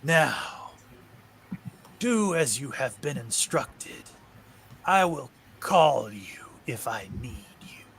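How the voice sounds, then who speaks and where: A man voicing a sinister otherworldly male being who gives cold, commanding orders in a slow, low, partly whispered delivery. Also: sing-song, vocal fry, a bit bright, slight background noise, full character voice. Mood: menacing.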